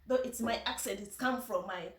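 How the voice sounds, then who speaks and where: A woman with a Luo accent talking in a casual vlog, telling stories in a chatty, halting way and often restarting her sentences. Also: fairly high pitch. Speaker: vlogger. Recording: echoey room, voice from a distance.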